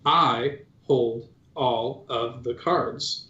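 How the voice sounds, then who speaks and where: A man voicing a scheming male droid crime boss who speaks calmly and smugly, in a tabletop game. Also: medium pitch, extremely slow. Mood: smug, commanding. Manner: calm, smug, commanding. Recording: dull, roomy recording.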